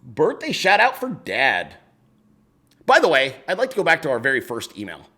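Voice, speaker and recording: A man's voice: fairly high pitch, wildly swooping pitch, moderate pace, sharp tone. A man hosting a casual chat show, reading viewer emails aloud and answering them in a loose, profane, laughing way.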